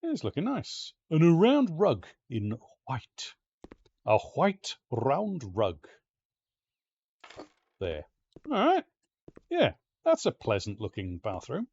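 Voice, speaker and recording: A man with an Ulster Scots accent chats his way through a game, muttering to himself and tossing in the odd swear. His pitch swoops up and down, and the recording sounds a bit dull and lo-fi. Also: huge pitch swings, slow pace, long pauses, darkish tone, husky. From Northern Ireland. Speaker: game streamer. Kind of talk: casual let's-play commentary.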